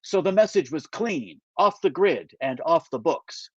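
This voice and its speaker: A man voicing an eager, earnest, slightly self-important narrator who is nervous and excited. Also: fairly high pitch, unhurried, breathy edge, dry recording. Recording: dull dry lo-fi recording.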